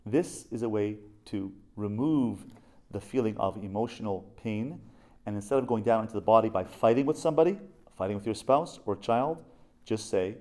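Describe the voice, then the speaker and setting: A man in his fifties from Canada, a rabbi teaching a class, telling stories with animation and slowing down to stress key phrases. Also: medium pitch, expressive, mellow.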